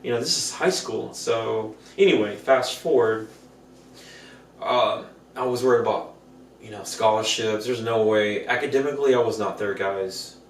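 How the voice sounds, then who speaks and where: Animated man recorded from a distance. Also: on the low side, normal speed. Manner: animated, acts out quoted voices. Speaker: podcast co-host. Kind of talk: casual storytelling chat. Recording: echoey room, distant mic, faint noise.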